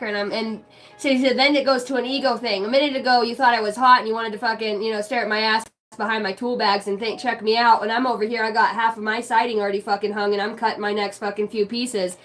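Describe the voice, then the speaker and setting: Brash, profane woman with a higher voice. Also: steady tone, fast, a bit bright. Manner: brash and profane, laughing often. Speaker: live streamer and contractor. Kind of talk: casual live-stream chat.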